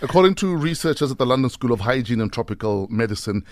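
A man's voice: medium pitch, lively intonation, fast talker, dry recording. A man hosting a morning radio show, casually asking blunt questions and reading out news items. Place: radio studio.

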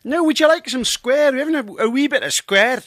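A man's voice: very high voice, animated, a little fast, fairly bright tone, no room sound, clean studio sound, voice pushed up. A man putting on a fussing Scottish mother-in-law. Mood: coaxing. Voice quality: broad put-on Scottish lilt.

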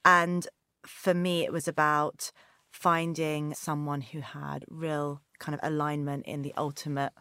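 A woman's voice: sits low, little pitch movement, unhurried, sharp tone, clean tone, dry recording. Woman, business founder, interview guest, candid, chatty, filler words, dry recording. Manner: candid, chatty, many "you know" and "kind of" fillers. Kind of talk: conversational interview answers.

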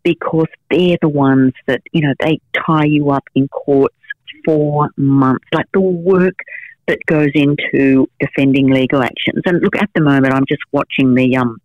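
A middle-aged woman with a deep voice speaks at a measured pace on a dry, narrow, tinny recording. She's an investigative journalist appearing as an interview guest, telling frank stories with plenty of fillers and restarts.

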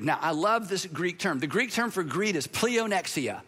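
A middle-aged man preaching a sermon as a pastor, in a conversational, animated way. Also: sits high, moderate pace. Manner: conversational, animated, acts out quoted voices.

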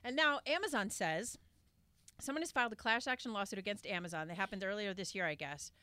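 A woman co-hosting a casual podcast, quick and blunt, swearing and muttering to herself. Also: medium pitch, pushed and bright, dry recording. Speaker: podcast co-host.

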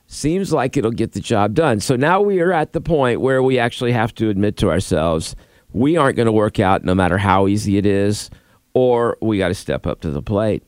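A man's voice: on the low side, lively intonation, moderate pace, a little mellow, clear, resonant tone, dry recording, clean studio sound. A man co-hosting a morning radio show, chatting casually and joking about himself. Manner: jokey, self-deprecating.

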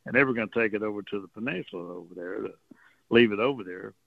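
Fairly low-pitched and gravelly, this man talks at a quick clip while telling rambling, folksy stories as a radio guest, chuckling frequently. He's from the Texas coast, on a phone call that sounds tinny, with no room sound.

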